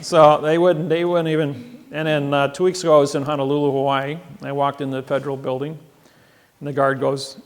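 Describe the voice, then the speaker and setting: A man giving a seminar lecture, telling courtroom stories and acting out the exchanges with a raised voice, self-assured with halting restarts. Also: on the high side, flat delivery. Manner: storytelling, acts out quoted exchanges with raised voice.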